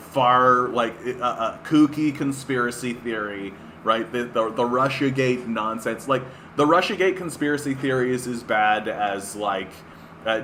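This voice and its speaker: A man's voice: medium pitch, a bit bright. Sarcastic ranting man with faint hiss. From Canada. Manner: sarcastic, profane, ranting, heavy use of "right?". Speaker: political streamer. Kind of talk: reading an article aloud with sarcastic commentary.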